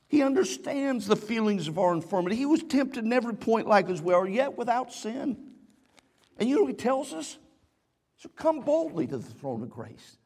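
A man's voice: high-pitched, big pitch swings, normal speed, a little mellow, breathy edge, in a large hall. A middle-aged man preaching a sermon as a pastor, telling a personal story and then building into fervent preaching. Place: church sanctuary.

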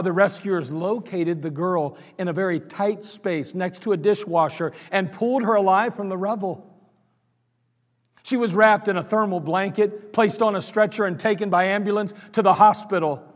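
A man preaching a sermon in a church, asking the crowd question after question and swinging between loud pleading and hushed tones. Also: high voice, in a large hall.

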